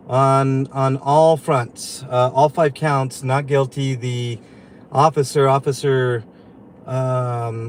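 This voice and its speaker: A man hosts a livestream from inside a vehicle, sounding upset as he vents. His talk is halting and full of fillers, and his pitch sits in the middle range. A faint noise runs under the recording. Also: a little mellow. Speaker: livestream host. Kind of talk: livestream commentary.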